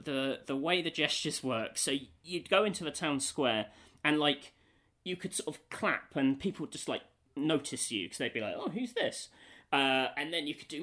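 A man in casual chat, telling an animated story with many fillers and frequent laughter. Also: a little high.

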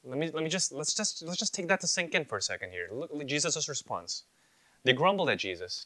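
A man's voice: medium pitch, animated, a little fast, sharp tone, no echo. A man preaching a sermon as pastor, earnest and building to emphatic rebukes, sometimes mimicking listeners' excuses in a casual voice.

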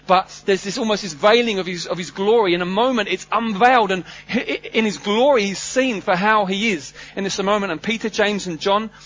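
A man's voice: high voice, a bit bright. A man preaching a sermon in an earnest, emphatic way, often restarting and repeating phrases. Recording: slightly dull sound with faint hum.

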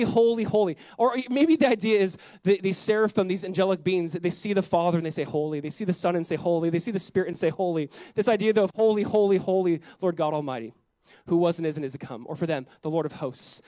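A male pastor preaching at a fast clip in a high, lively voice, throwing questions at his listeners and then sinking to a hushed tone for reflective points. The sound is dry and close, with almost no room echo. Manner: animated, rhetorical questions to the congregation; drops to a soft, quiet voice on reflective lines. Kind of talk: sermon.

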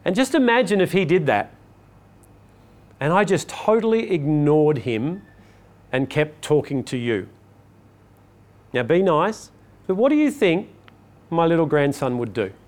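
A man's voice: on the high side, animated, measured pace, pauses often, a little mellow. Older man giving a chatty motivational talk. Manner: chatty, storytelling, asks the audience questions. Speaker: public speaking coach. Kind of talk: motivational talk to a live audience.

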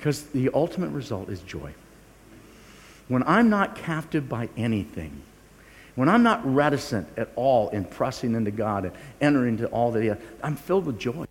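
A man's voice: mid-range voice, big pitch swings, normal speed. An older male pastor delivers a sermon in an earnest, confessional way, stumbling over restarts and teasing himself along the way. His mid-range voice rings out with a long hall reverb behind it. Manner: earnest, confessional, with frequent restarts and self-mocking humor.

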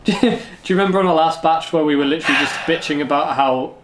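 A man's voice: a little high, fast talker, echoey room, background noise. A man co-hosting a casual rewatch podcast, teasing his co-host and laughing often.

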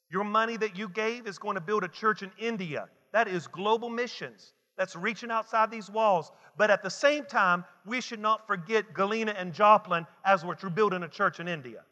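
Emphatic high-voiced preacher in a reverberant hall. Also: male voice, pushed and bright. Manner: call-and-response preaching, repetitive and emphatic. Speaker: pastor. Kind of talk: sermon. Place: church sanctuary.

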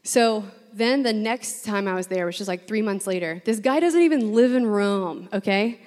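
A young woman from New Orleans telling a personal story to a room full of women, chatty and animated, laughing often and saying 'like' a lot. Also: medium pitch, moderate pace. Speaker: speaker addressing a women's gathering. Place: large room with an audience. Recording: long hall reverb.

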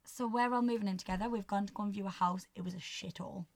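Animated young woman. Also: medium pitch, fast, gravelly. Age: young adult. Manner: animated, swearing, laughing storyteller. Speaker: podcast co-host. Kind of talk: casual chat, storytelling.

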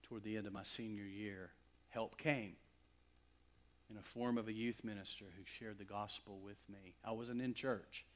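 Middle-aged guy from west texas giving a sermon, gets loud then goes real quiet. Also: lowish voice, steady tone, moderate pace. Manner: dramatic swings from loud emphasis to hushed near-whispers. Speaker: pastor.

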